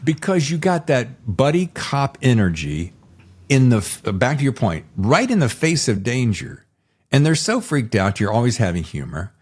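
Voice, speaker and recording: A man's voice: mid-range voice, wildly swooping pitch, moderate pace, breathy edge. A man hosting a podcast interview, talking in an enthusiastic, rambling way. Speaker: podcast host. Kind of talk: casual interview chat.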